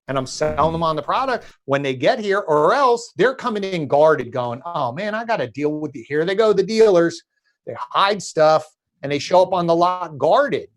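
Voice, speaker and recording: A man co-hosting a casual talk about car sales, lively and anecdotal, acting out conversations with customers. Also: a little high. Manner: animated storyteller, acts out dialogues with customers. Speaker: co-host. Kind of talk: casual podcast discussion.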